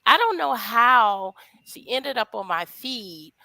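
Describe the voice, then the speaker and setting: A woman's voice: a little high, expressive, slow pace, gravelly, sharp tone, no echo. A woman on a live talk show, telling a story in a chatty way and laughing easily. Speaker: guest friend. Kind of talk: casual chat.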